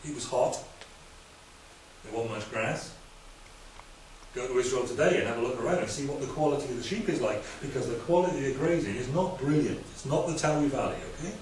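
Brief: male preacher, chatty lively sermon, recorded from afar in a very echoey hall with faint noise. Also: medium pitch, far from the mic. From Wales. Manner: lively, conversational preaching with asides and quick humor.

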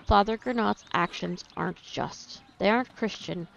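A woman's voice: mid-range voice, normal speed, gravelly, fairly bright tone, a little hiss or hum. A woman reading as a fiery village agitator. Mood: rousing. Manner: impassioned speechmaking. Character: fiery male village rabble-rouser, middle-aged. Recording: dull lo-fi stream audio.

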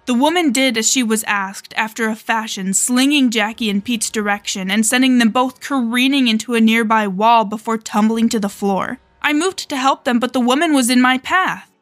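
A woman's voice: on the high side, normal speed, few pauses, a bit bright, no room sound. Southern woman narrating a horror story. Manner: tense, dramatic storytelling. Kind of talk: first-person horror narration.

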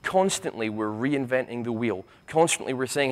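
A man with a Glaswegian accent giving a conference keynote. He is impassioned and sarcastic, swears freely, and stumbles into quick restarts. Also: medium pitch. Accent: Scottish, Glaswegian. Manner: impassioned, stammering restarts, rapid asides. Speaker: keynote speaker. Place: university conference hall.

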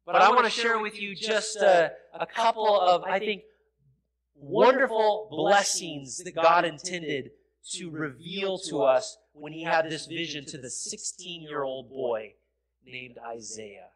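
A man pastor giving a sermon, teaching at length and then rising to near-shouts to stress his points. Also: on the high side, a little slow. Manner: explanatory teaching with repeated phrases and fillers. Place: church sanctuary. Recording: noisy sanctuary recording with crowd sound, poor audio.

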